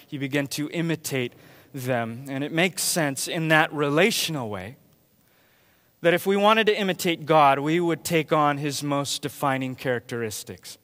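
Pastor guy giving a sermon, high bright voice, chatty, big echoey church sound. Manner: conversational, animated when quoting others. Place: church sanctuary.

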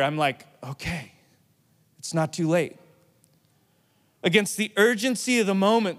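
A man's voice: high-pitched, fairly bright tone, big-room sound. A man, a pastor, giving a casual, joking sermon that retells scripture in everyday slang.

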